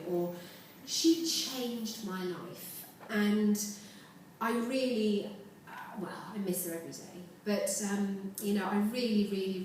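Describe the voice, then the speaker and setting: A woman's voice: mid-range voice, a little hiss or hum. A woman giving an earnest, reflective personal speech as an award speaker. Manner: earnest, reflective, with warm laughter. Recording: echoey hall from far off.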